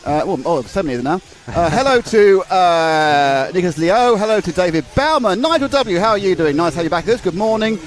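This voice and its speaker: A man commentating on a live race stream, excitedly greeting viewers by name. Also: high voice, brisk, hardly any pauses. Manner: excitable, bubbly, reads out viewer names.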